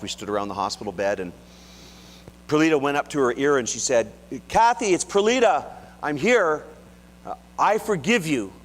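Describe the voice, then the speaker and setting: A middle-aged pastor telling a personal, emotional story in a sermon, acting out the dialogue. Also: male voice, fairly low pitch, fairly bright tone. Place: large church hall. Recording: long hall reverb, faint hum.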